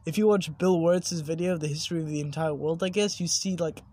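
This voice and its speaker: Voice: medium pitch, fairly even intonation, quick pace, mellow, slightly rough. A young adult vlogger rambling casually outdoors at night, swearing often and stopping mid-word to correct themselves. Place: outdoors at night overlooking buildings.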